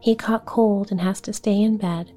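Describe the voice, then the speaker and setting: A woman's voice: medium pitch, fairly even intonation, moderate pace, dark tone, faint music behind, lightly acted. A woman voicing a kind, earnest poor boy who talks cheerily and reassuringly, in a bedtime story.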